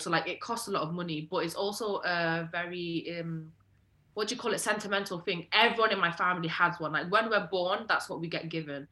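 A young woman tells travel stories on a podcast, in an animated and casual way with plenty of filler words. Her voice is bright and forceful. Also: mid-range voice. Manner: animated, lots of "like" fillers, jumps into quoted voices. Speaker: podcast co-host. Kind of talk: casual storytelling chat.

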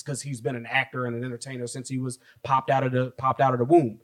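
A man co-hosting a casual podcast chat, laughing often and breaking into high-pitched impressions. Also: quick pace, few pauses. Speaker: podcast co-host.

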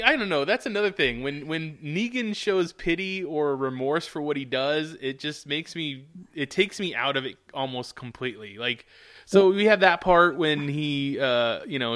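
A man with a bright, somewhat high voice chatting on a podcast. He rants with animation and swears freely, and he is quick to complain about characters. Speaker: podcast co-host. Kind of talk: casual chat.

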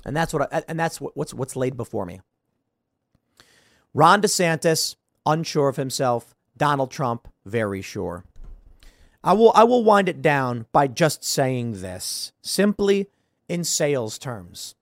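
A man hosting a podcast, giving casual political commentary with an animated, sarcastic delivery that swings between loud bursts and mumbled asides. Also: mid-range voice, a little slow, no echo, clean studio sound. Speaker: podcast host.

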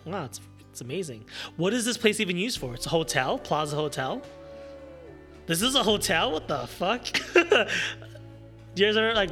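This podcast host has a somewhat high, bright voice. He keeps up a casual, sarcastic running commentary during a movie watch-along, laughing often.

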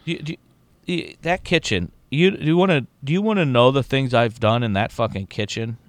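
A man's voice: medium pitch, moderate pace, no echo. A man co-hosting a podcast in casual chat, swearing freely and telling self-mocking stories. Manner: profane, self-mocking, animated storytelling. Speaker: podcast co-host.

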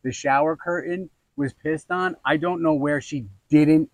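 A young man telling a story in casual chat while fishing outdoors, animated and swearing freely. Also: on the high side, measured pace, dry recording, rough recording. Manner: animated, swearing, mimics others in quotes. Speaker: podcast co-host.

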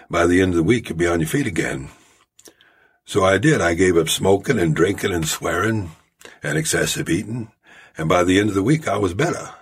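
A man doing an impression of a deadpan older male humorist in his seventies, with a Southern accent and slightly jerky phrasing. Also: low-pitched, slightly rough. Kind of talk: storytelling impression.

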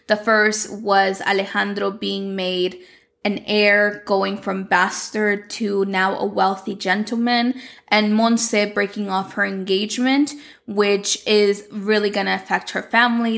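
A young woman recaps a series plot in loose, chatty talk full of "like" and acted-out quotes. Her voice carries a gravelly fry at mid pitch. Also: fairly bright tone. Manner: chatty, fills with "like", acts out quotes. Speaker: show recapper.

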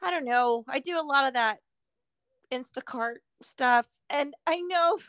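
A woman's voice: high voice, slow pace, fairly bright tone, no echo, studio quality. A middle-aged woman from Southern California, co-hosting a podcast and telling stories in casual chat, swearing and laughing often. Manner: profane, laughing storyteller. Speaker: podcast co-host.

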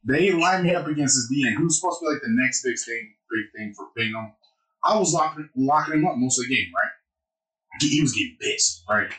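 A man's voice: medium pitch, lively intonation, fairly quick, pushed and bright, roomy sound, poor audio. A young man on a podcast, telling a story in a casual, profane way and laughing often. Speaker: podcast co-host.

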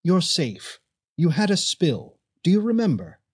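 A man reading the part of a calm, composed woman who reassures and questions steadily. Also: high voice, a little slow, husky, pitched above the performer's own voice, full character voice. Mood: calm, reassuring.

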